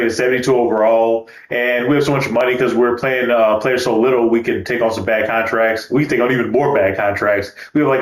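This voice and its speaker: Joking man with roomy echo. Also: mid-range voice. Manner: loose, joking, swears casually. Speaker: gaming YouTuber. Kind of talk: casual gameplay commentary.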